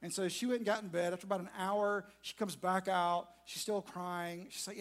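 A man's voice: sits high, fairly even intonation, moderate pace, fairly bright tone. A man, preaching a sermon to a large room through a self-mocking personal story. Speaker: pastor.

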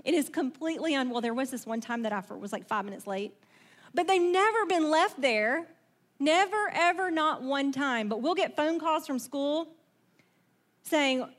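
Woman pastor, high voice, animated conversational sermon, plays out story voices. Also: normal speed. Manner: conversational, animated, asks the audience questions; acts out quoted voices in the story.

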